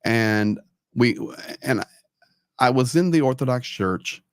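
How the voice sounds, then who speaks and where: A man hosts a casual online talk in an emphatic, storytelling manner, hammering his points home by saying them again. His voice sits at an ordinary middle pitch. The recording is dry and close, with no room sound around him. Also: expressive, takes it slowly, clean tone, no room sound. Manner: emphatic, repeats points for stress. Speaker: host.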